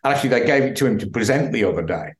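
A middle-aged man tells stories in a casual podcast chat and laughs often along the way. His pitch sits in the middle, and the recording carries a roomy echo. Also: lively intonation, very fast. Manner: chatty, laughs while telling stories. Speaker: podcast guest, broadcaster.

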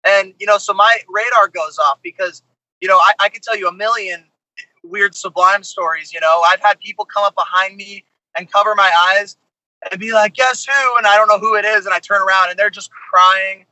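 A man and touring musician, a guest on a podcast, telling a story in an animated way with plenty of asides. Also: sits high, brisk, no room sound, rough recording. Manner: animated, tells stories with lots of asides.

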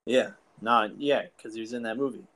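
A man's voice: mid-range voice, steady tone, fairly quick, a bit bright, low-quality recording. A man co-hosting a podcast, telling a story in casual chat with a teasing, joking manner. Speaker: podcast co-host.

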